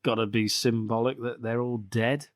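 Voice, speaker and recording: A podcast host tearing through a bad movie's plot, sweary and sarcastic, often breaking into laughter. His voice sits at an ordinary middle pitch, recorded close and completely dry. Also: steady tone, normal speed, dry recording. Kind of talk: casual sweary film recap.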